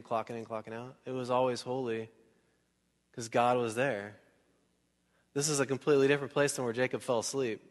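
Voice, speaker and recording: A male pastor preaches in a relaxed, chatty way, firing questions at the congregation and slipping into quick acted bits. His pitch sits at a middling level. His voice carries through a large church hall with a long trailing reverb. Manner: conversational and animated, asks the crowd questions, acts out scenes. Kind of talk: sermon.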